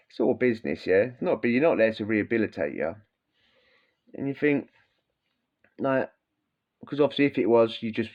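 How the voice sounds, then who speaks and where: Ranting, swearing man. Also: lowish voice. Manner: animated, swearing, blunt and mocking. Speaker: podcast host, former prisoner. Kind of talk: casual ranting monologue. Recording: dull lo-fi sound.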